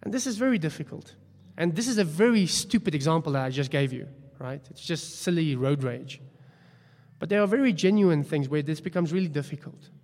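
Pastor telling stories in a sermon, chatty, pokes fun at himself, big hall echo. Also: male voice, fairly high pitch, expressive, a little fast, darkish tone. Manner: storytelling, conversational, self-deprecating. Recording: long hall reverb.

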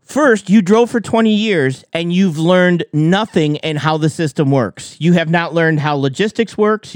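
A man's voice: on the high side, clean tone, no room sound, clean studio sound. A man giving heated commentary on trucking, arguing with rhetorical questions. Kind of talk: reaction commentary.

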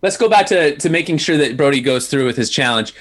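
A man chatting on a podcast, his voice bright and clear, his pitch leaping around as he tells a story. He laughs as he goes and stumbles over his words, always animated. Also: fast. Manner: animated, laughing, frequent restarts. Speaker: podcast host. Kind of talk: casual storytelling chat.

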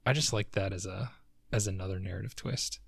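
A man's voice: low-pitched, fairly quick, vocal fry, breathy edge, dry recording, studio quality. A man co-hosting a podcast, talking through a book in a thoughtful, hedging way and searching for words. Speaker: podcast co-host. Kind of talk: casual book discussion.

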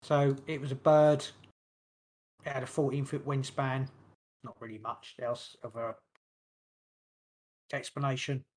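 A man's voice: mid-range voice, flat delivery, measured pace, long pauses, darkish tone. A man co-hosting a podcast in casual chat, rambling and joking, tripping over names. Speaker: podcast co-host.

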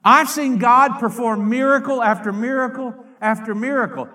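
A middle-aged evangelist with a high, bright voice. He preaches a fiery revival sermon, swinging between shouted outbursts and low, confiding asides. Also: normal speed.

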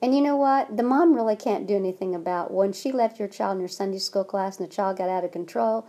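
Earnest woman with a mellow voice. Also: medium pitch, quick pace. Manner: earnest, emphatic, acts out examples. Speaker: guest, child care trainer. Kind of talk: interview advice.

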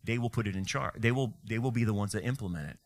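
A man's voice: lowish voice, fast talker. A male pastor preaching a fiery sermon, full of rhetorical questions and sarcastic asides.

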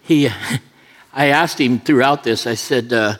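With a medium-pitched, somewhat bright voice and an unhurried delivery, a middle-aged associate pastor mixes preaching with funny, self-deprecating tales. The large church sanctuary gives the recording a long echo.

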